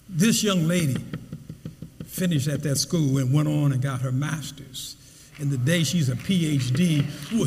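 A man preaching a sermon, repeating phrases and building to loud emphasis. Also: very high voice, animated, moderate pace, big-room sound. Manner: preaching with repetition and rising emphasis.

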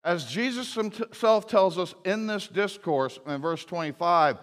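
A man preaching a sermon as pastor, emphatic, with rhetorical questions, joking asides and a quiet prayer. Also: high voice, unhurried. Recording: echoey hall.

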